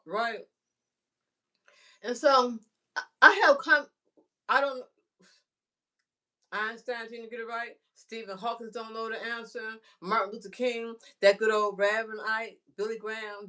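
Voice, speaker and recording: A woman's voice: mid-range voice, a bit bright. A chatty woman sharing homespun thoughts on faith with her viewers in a casual vlog. She talks in a rambling way and keeps looking for the right words. She often checks in with "right?" and talks straight to the listener. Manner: rambling, searching for words, frequent "you know" and "right?". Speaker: vlogger.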